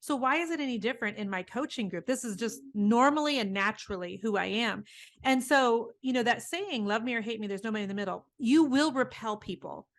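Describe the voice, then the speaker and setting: A middle-aged woman guest in an interview, telling stories in an earnest, animated way. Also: on the high side, brisk. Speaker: guest, business coach. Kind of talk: conversational interview.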